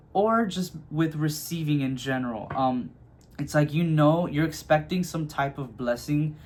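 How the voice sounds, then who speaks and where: Man with a slightly high voice for a relaxed, chatty tarot reading to camera. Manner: chatty, filler-heavy, checks in with "okay?". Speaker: tarot reader.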